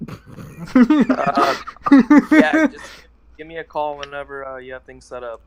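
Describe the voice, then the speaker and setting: A man playing a tabletop role-playing game, speaking in character in a quiet, offhand way. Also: fairly high pitch, wildly swooping pitch, slow pace, crowd noise. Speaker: player.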